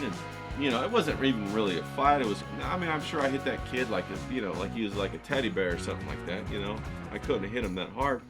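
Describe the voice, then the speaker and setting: A man hosting a writing challenge, telling a childhood story in an animated, chatty way and then coaching his viewers to write. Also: lowish voice. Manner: animated anecdotal telling, acts out quoted voices; coaching, rallying tone. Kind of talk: casual storytelling lesson.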